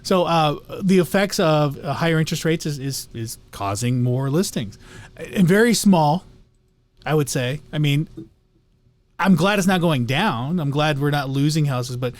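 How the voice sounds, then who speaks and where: A man co-hosts a casual real estate talk, easygoing and halting as he works through listing figures. His voice sits a little higher than most men's. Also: lively intonation. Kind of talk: casual market chat.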